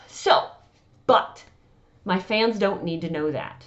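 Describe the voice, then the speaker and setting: Very animated and a little slow, a woman with a mid-range, slightly bright voice talks to camera, and the highs are cut off. She's an author sharing casual, chatty, emphatic advice about vendor markets, often performing customer conversations.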